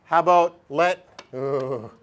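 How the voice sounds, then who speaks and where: A man teaching a math class, lively and joking as he talks straight to his students in a classroom. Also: on the high side, slow pace. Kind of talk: classroom lesson.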